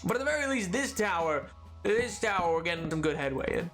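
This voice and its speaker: A man's voice: sits high, sing-song, brisk, a bit bright, soft background music. A man chatting casually on a live gaming stream, bantering playfully with his chat and acting mock-indignant when they tease him.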